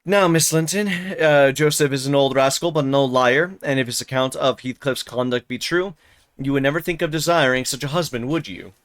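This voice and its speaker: A man voicing a level-headed female housekeeper in a plain, steady reading of a novel. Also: medium pitch, normal speed, close to an everyday voice. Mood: earnest.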